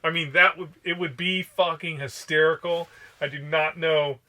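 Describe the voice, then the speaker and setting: Bright-voiced, higher-pitched podcast co-host man. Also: little pitch movement, moderate pace. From Southern California. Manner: profane, laughing banter. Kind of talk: casual chat.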